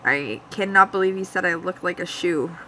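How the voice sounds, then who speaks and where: A young Canadian woman with a bright, forward voice chats loosely with her live viewers, calling out their names between stray thoughts. She speaks with an easy Canadian accent at a middling pitch, and a faint hum of noise sits under her voice. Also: moderate pace, low-quality recording. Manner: rambling, chatty, talks to viewers by name. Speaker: vlogger hosting a live chat. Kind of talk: casual live-stream chat. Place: home.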